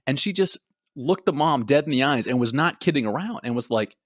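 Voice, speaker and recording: A Houston-born co-host living in Amsterdam chats on a casual podcast remotely, his mid-range voice at a moderate pace. The recording is studio quality without echo, and his storytelling is animated, with frequent laughter and quotes he acts out.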